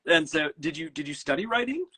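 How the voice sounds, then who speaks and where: A man's voice: fairly high pitch, big pitch swings, fast talker, sharp tone, husky, low-quality recording. A man with a Midwestern American accent hosting a casual livestream chat, rambling and correcting himself with jokes. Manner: rambling, self-correcting, jokey. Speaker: host.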